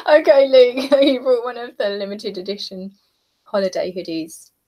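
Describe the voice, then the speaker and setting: Slow-talking British woman chatting live. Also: fairly high pitch, mellow. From southeast England. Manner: chatty, giggly, reads out comments. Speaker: livestream host. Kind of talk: casual chat while painting.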